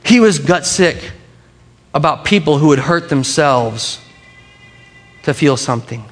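A man with a fairly high voice preaches a sermon. He talks casually, often restarting his sentences, and playfully gets the congregation to repeat a word with him. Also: animated, unhurried, in a large hall. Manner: casual, conversational, with frequent restarts. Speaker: pastor.

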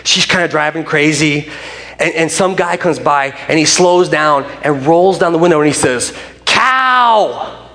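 A man's voice: fairly high pitch, steady tone, moderate pace, fairly bright tone. A man pastor giving a casual, rambling sermon in a folksy way, often restarting and adding asides. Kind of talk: conversational sermon. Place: church sanctuary.

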